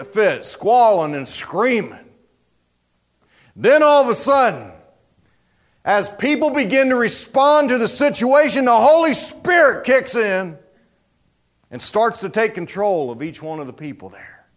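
Brief: male preacher, high voice, very lively storytelling. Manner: animated, dramatic storytelling. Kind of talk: sermon storytelling.

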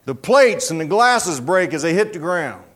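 Animated, high-voiced male preacher. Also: normal speed. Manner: animated, dramatic storytelling. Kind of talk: sermon storytelling.

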